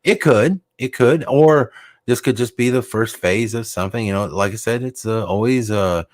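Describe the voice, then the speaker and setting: A man's voice: on the low side, normal speed, no room sound. A man hosting a casual talk show, rambling with many fillers and restarts as he thinks aloud.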